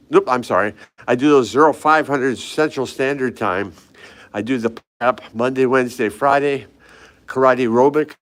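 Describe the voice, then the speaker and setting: An older man casually chatting with live viewers as he walks hotel hallways and stairwells, a little out of breath, greeting people by name. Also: mid-range voice. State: slightly out of breath from climbing stairs. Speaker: fitness vlogger. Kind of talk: casual live-stream walk vlog.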